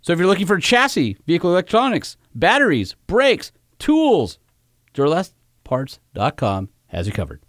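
A man co-hosts a casual podcast, joking with his partner and reading sponsor spots in a chatty way. His voice sits a little high and moves through a wide pitch range. The sound is dry and close. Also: moderate pace, no echo. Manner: joking, animated, reads ads conversationally. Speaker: podcast co-host. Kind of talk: casual chat and host-read ads.

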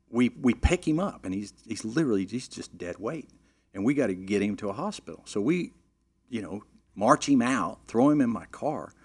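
A middle-aged man telling a long, animated anecdote in a casual way, with frequent "you know" fillers and restarts. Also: fairly low pitch, husky. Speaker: storyteller.

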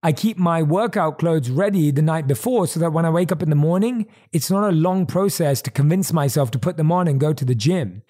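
A man's voice: on the high side, brisk, hardly any pauses, dark tone. A man hosting a podcast, giving earnest motivational advice and repeating his key points at a desk microphone. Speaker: podcast host. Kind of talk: motivational monologue. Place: home recording desk.

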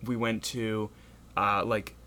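An American man chatting casually on a podcast, filling his stories with "like" and quick asides. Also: fairly low pitch, level tone, sharp tone. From United States. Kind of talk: casual chat.

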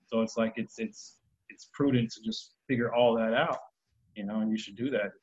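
A man with a raspy voice gives blunt, opinionated views in a casual podcast chat and swears now and then. The recording sounds muffled and lo-fi. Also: on the low side, steady tone, normal speed, darkish tone. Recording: dull lo-fi sound.

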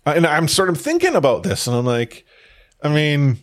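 A young man, a father, chatting casually as a podcast co-host, rambling with many halting restarts. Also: fairly high pitch, huge pitch swings. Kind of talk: casual chat.

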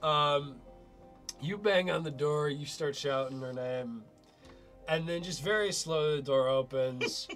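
Male game master, slightly higher voice, loose and rambling narration. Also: unhurried, a bit bright, soft background music. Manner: rambling, filler-heavy narration.

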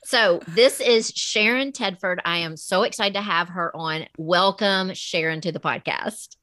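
A woman's voice: on the low side, a little slow, pushed and bright, no room sound. A woman podcast host with a Southern US accent, chatting with enthusiasm in an easygoing interview. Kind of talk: casual interview chat.

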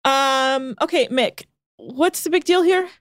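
A woman's voice: sits high, a bit bright, a little hiss or hum. A woman co-hosting a podcast, recapping episodes in casual chat with a teasing, laughing manner. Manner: teasing, quick to laugh, chatty summarizing. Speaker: podcast co-host recapping a show.

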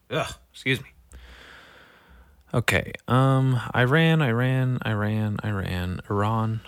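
A man's voice: fairly low pitch, slow, clean tone, dry recording. A young man hosting a solo podcast, grumbling and swearing as he reads out local headlines. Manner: profane, irritable, grumbling. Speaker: podcast host.

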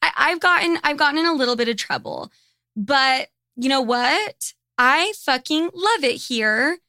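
Brief: woman, podcast host, casual and profane, bright tone, dry close sound. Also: high-pitched, lively intonation, measured pace, no echo. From United States. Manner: blunt, profane and candid. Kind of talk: casual monologue.

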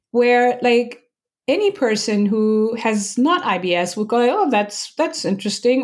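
A woman meditation teacher explaining as an interview guest, gentle and earnest, talking loosely with many "like" fillers and restarts. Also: a little high. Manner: gentle, earnest, acts out inner thoughts in quick asides.

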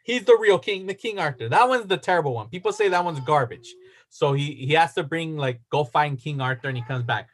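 A man's voice: a little high, lively intonation, a little fast. Rambling podcast co-host man. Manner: rambling, self-correcting, reads facts aloud. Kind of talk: casual chat.

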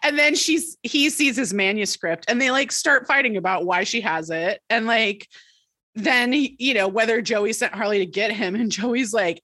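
Young woman, kinda husky, dry close sound, super expressive recap with lots of swearing. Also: fairly high pitch, normal speed, dry recording. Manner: expressive, laughs often, swears freely while reenacting scenes. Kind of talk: casual chat recapping a TV episode.

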